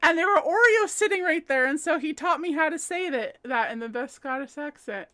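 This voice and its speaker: A woman's voice: sits high, expressive, a little fast, sharp tone. A young adult woman hosting a home crafting livestream, chatting casually as she reads viewer comments and laughing often. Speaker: crochet livestream host.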